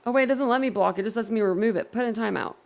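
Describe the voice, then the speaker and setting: Her voice sits fairly high, with vocal fry, and she talks at a racing pace. She's a livestream host on a casual stream, addressing the chat directly, giggly and easily flustered.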